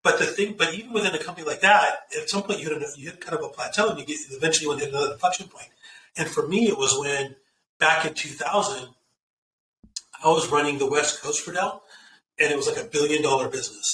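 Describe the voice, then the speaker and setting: Middle-aged guy giving career advice, animated, bright voice, sounds a bit far from the mic. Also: on the high side, fast, slight background noise. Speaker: guest executive. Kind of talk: casual interview chat. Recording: echoey room, off-mic, faint ambience.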